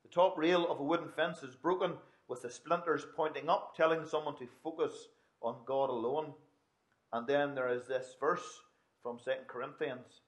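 Man preaching a chatty sermon, slightly high voice. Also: steady tone, moderate pace. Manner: conversational, with asides and restarts.

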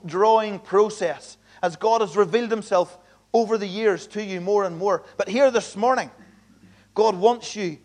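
Male pastor, high voice, emphatic earnest sermon delivery. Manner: earnest, emphatic preaching with repeated appeals. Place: church.

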